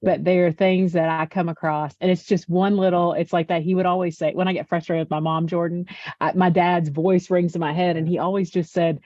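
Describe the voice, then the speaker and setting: A woman co-hosting a podcast, sharing a personal anecdote in an expressive, conversational way. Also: on the low side, a little fast, no room sound, muffled recording. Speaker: podcast co-host. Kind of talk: conversational interview.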